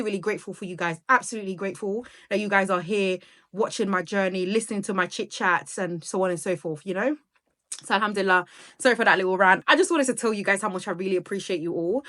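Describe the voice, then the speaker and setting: A woman in her thirties from Sierra Leone talks casually straight to camera in a vlog. She is chatty and rambling, with a voice of ordinary middle pitch. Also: a bit bright. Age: 30s. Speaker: vlogger.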